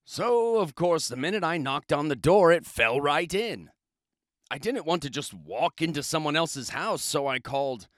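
A man's voice: fairly high pitch, animated, normal speed, a bit bright, dry recording, clean studio sound. A man reading a children's book aloud, telling it in first person in a chatty, self-justifying way. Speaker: storybook reader.

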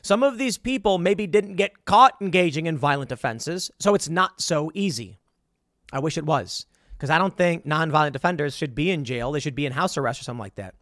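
A man with a somewhat high, fairly bright voice delivers a sarcastic, exasperated political commentary monologue. He talks a little fast with lively intonation, in clean studio sound with no echo.

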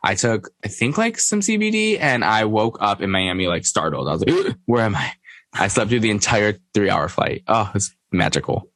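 A man co-hosting a casual gossip podcast, telling stories in an animated, sassy way and acting out quotes. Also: lowish voice, moderate pace, hardly any pauses, no room sound. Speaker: podcast co-host.

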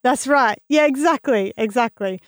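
Enthusiastic higher-voiced woman podcast host. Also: normal speed, no room sound, studio quality. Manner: enthusiastic, explanatory. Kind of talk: casual chat on a science podcast.

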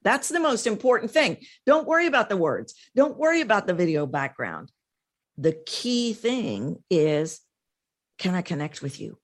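A woman's voice: mid-range voice, very animated, moderate pace. A woman voice coach speaking emphatically as a guest in an interview.

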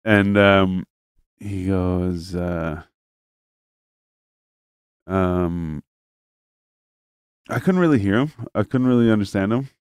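A man's voice: low-pitched, slow, long pauses, clean tone, no echo, clean studio sound. A man telling a long, rambling story in casual chat, cursing freely and acting out both sides of a phone call.

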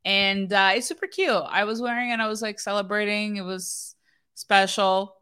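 Italian accent woman cohosting, bubbly and chatty, mid-pitch voice. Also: normal speed, sharp tone, smooth. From Italy. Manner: chatty, bubbly, slightly non-native phrasing. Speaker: podcast cohost. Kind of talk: casual chat.

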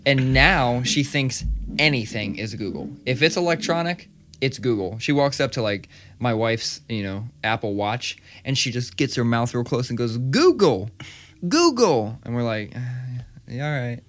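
A man in his thirties co-hosting a podcast in casual chat, loose and swearing, with quick asides. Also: medium pitch, fairly bright tone. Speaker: podcast co-host. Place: small studio. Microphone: studio microphone.

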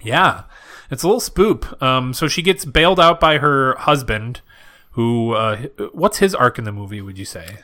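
A man's voice: medium pitch, expressive, moderate pace, bright, forceful tone. A man co-hosting a podcast in casual movie-review banter, playful and teasing, who keeps pushing a joke. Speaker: podcast co-host.

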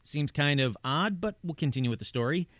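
A man's voice: on the high side, expressive, fairly quick, fairly bright tone, no echo, clean studio sound. A man narrating paranormal stories in a conversational way, with asides and rhetorical questions. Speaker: host. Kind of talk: true-crime style narration.

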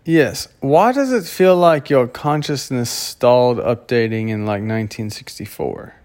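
A man speaks at an unhurried, drawn-out pace in a loose, casual monologue. He wanders through his thoughts, breaks off mid-sentence and gropes for words before carrying on. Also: mid-range voice, a little mellow. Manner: rambling, searching for words, self-interrupting. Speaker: vlogger.

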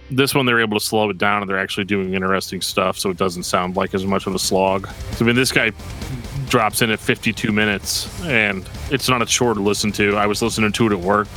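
A man's voice: on the low side, fairly even intonation, quick pace, sharp tone, soft background music. A man hosting a podcast, talking casually about metal records in a rambling way with lots of fillers. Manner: laid-back, rambling with frequent fillers and laughs. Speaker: podcast host.

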